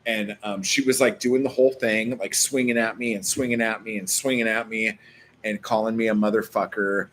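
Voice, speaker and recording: A man's voice: lowish voice, fairly even intonation, normal speed, fairly bright tone, a little hiss or hum. Rambling, swearing man telling a story. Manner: rambling, profane, heavy filler words. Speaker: vlogger. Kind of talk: casual storytelling vlog.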